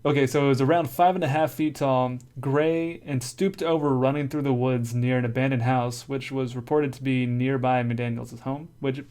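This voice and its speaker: A man's voice: medium pitch, steady tone, normal speed, few pauses, darkish tone, clean tone. A man co-hosting a casual podcast, reading out notes and joking with his co-host, laughing often. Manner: laughs often, reads source notes aloud between jokes. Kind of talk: casual chat.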